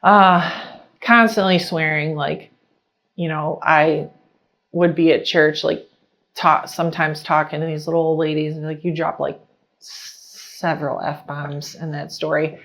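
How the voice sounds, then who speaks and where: A young adult woman being interviewed tells her personal story casually, chatty and animated, filling her retelling of scenes with lots of fillers. Her voice is low and she speaks a little slowly.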